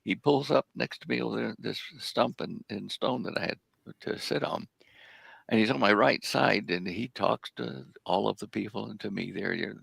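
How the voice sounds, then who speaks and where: Older man with a gravelly low voice. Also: fairly bright tone, dry recording. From United States. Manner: rambling anecdotes full of hesitations. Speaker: guest. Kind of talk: casual storytelling in an interview.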